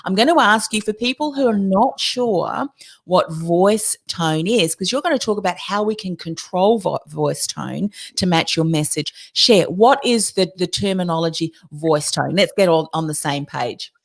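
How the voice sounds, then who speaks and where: A woman's voice: on the low side, expressive, normal speed. A woman hosting a podcast interview, talking in long run-on sentences and encouraging her guest. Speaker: podcast host.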